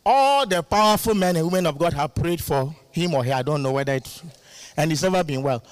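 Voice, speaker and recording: A male guest preacher giving a lively sermon, laughing often and calling out to the congregation for responses. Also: a little high, brisk, dry recording.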